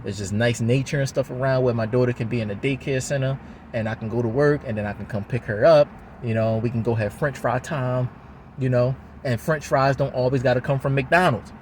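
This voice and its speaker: Man, mid-pitch voice, heated rambling vlog rant, recorded outside with faint traffic noise. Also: steady tone, brisk. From Baltimore, USA. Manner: heated, rambling, repetitive, swears often. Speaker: father talking to camera. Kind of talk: emotional venting monologue.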